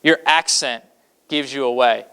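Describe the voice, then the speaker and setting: A man's voice: mid-range voice, a little slow, vocal fry, bright, forceful tone, clean tone. A man from Kentucky, a pastor preaching a sermon in a conversational way, full of fillers, who acts out the scripture quotes dramatically.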